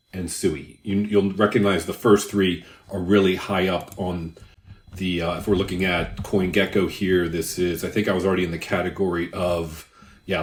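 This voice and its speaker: An older crypto YouTuber with a low, deep voice casually explains crypto numbers, drifting into rambling asides and anecdotes in a conversational way. His voice rings through a roomy space with noticeable echo.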